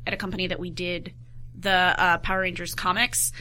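Bright-voiced wry woman. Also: fairly low pitch, flat delivery, a little fast. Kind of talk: casual chat.

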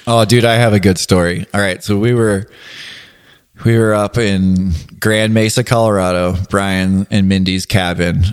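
A man who is an adaptive athlete, telling stories in a relaxed podcast chat with frequent laughter. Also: lowish voice, measured pace, clean tone. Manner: laughing, animated storyteller. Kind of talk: casual storytelling.

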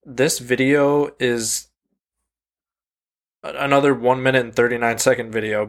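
A man co-hosting a podcast, introducing the next video in casual chat with a steady manner. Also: medium pitch. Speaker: podcast co-host.

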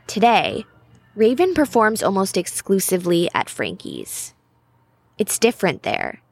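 A woman's voice: mid-range voice, wildly swooping pitch, measured pace, slightly rough, no room sound. A woman narrating a podcast episode in a conversational, scripted storytelling style.

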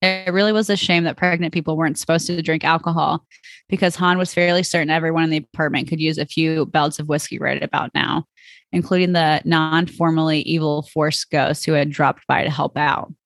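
A woman's voice: deep voice, steady tone, brisk, no echo. A woman podcast host reading fan fiction aloud in a plain storytelling voice, with small stumbles.

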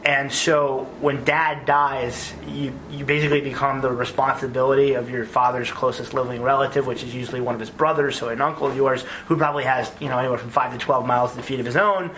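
A man's voice: medium pitch, fast, few pauses, a little hiss or hum, rough recording. A man, a former army officer, tells stories earnestly in an interview and often repeats words as he goes. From United States. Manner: earnest and animated, with frequent word repeats. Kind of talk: conversational storytelling interview.

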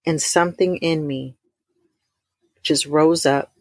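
A middle-aged woman, telling a heartfelt personal testimony to her listeners, warm and emotional, calling them y'all. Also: deep voice, fairly even intonation, no room sound, studio quality. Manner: emotional, addresses listeners as y'all, drawn-out emphasis. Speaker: host of a faith talk stream.

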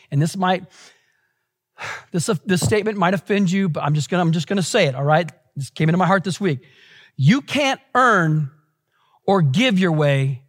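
A man from the United States preaching a sermon, emphatic, with dramatic slowdowns and repeated phrases. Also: a little high. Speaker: pastor.

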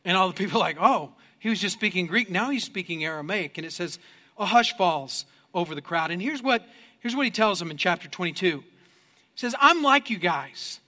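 A man in his thirties preaching a sermon, telling the story with lively energy and getting the congregation to join in. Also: high voice, fairly quick. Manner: lively storytelling with audience participation. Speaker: pastor. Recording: echoey hall recording.

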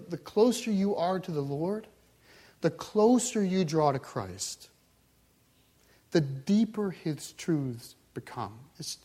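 A male pastor delivering a sermon, swinging between loud, urgent passages and hushed, intense ones. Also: high-pitched.

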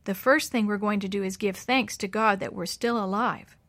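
A woman voicing a gentle, faithful elderly grandfather in a storybook read-aloud, talking in a steady, reassuring way. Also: medium pitch, moderate pace, no echo, natural voice.

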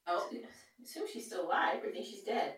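A woman co-hosting a casual podcast, chiming in with quick, laughing remarks. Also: medium pitch, fairly bright tone, reverberant. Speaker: podcast co-host. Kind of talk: casual chat.

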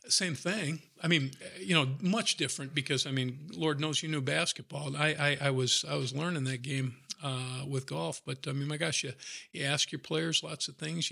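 Older ex-coach guest, gravelly and fairly high-voiced, lively anecdotes full of acted-out quotes. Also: male voice. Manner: animated, acts out quotes, laughs often. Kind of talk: casual storytelling.

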